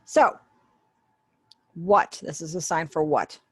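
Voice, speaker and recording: Low-pitched and slow-paced, this woman has a husky yet fairly bright tone, recorded without echo. She acts as the ASL voice interpreter for a webinar teacher, voicing an online sign language class. She takes listeners through it step by step, keeping it conversational with small asides.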